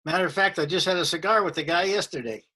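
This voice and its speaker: A man in his sixties, a comedian guest telling anecdotes in an animated way in a casual interview. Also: high-pitched, quick pace.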